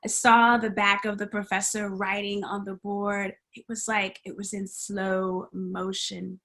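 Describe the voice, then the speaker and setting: A guest preacher in a church sanctuary delivers her sermon as a personal story, dramatically acting out its characters' voices and dropping to whispers. Her medium-pitched voice is a bit bright, moves little in pitch, and runs a little slow.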